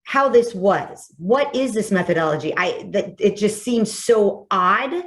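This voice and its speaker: A woman's voice: mid-range voice, lively intonation, measured pace. A woman hosting a podcast conversation, speaking effusively and enthusiastically with frequent restarts. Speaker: podcast host.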